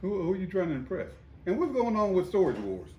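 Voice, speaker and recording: A man's voice: high-pitched, huge pitch swings, quick pace, muffled recording, slight background noise. A laid-back man co-hosting a podcast, teasing his friend in casual chat and sometimes stumbling over his words. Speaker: podcast co-host. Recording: echoey room, mic at a distance.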